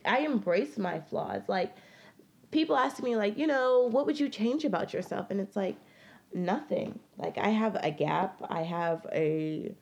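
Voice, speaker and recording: A woman's voice: medium pitch, measured pace, gravelly. A woman in casual conversation, telling a story with lots of energy, acting out what she said and laughing often. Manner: animated storyteller, laughs often, acts out her own quotes. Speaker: guest. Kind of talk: casual chat.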